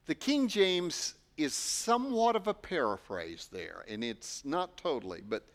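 A male preacher delivering a sermon, his voice sitting on the higher side. He acts out the quotes he reads, then drops into quieter, earnest appeals. He keeps putting rhetorical questions to the listeners. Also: sing-song, measured pace, few pauses.

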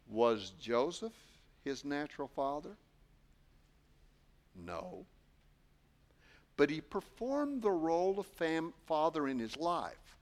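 A man's voice: a little high, slow, long pauses. A man preaching a sermon, acting out quotes and posing rhetorical questions to the congregation. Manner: expressive, acts out quotes, poses rhetorical questions.

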